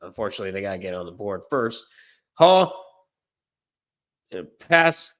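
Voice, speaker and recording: A man doing amateur play-by-play commentary on a livestream, unpolished and correcting himself, with deadpan asides. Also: fairly low pitch, moderate pace.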